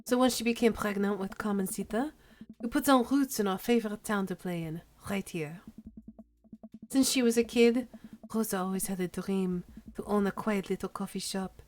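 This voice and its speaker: A woman voicing a gentle, grieving male coffee-shop dad and former musician in a dating game, speaking softly and wistfully. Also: medium pitch, expressive, moderate pace, soft background music, natural voice.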